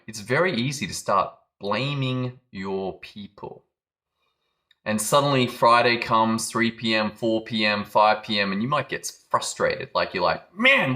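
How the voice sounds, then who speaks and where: A man's voice: mid-range voice, sharp tone. A man giving a motivational business talk, telling a dramatic story and acting out quoted lines. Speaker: business coach.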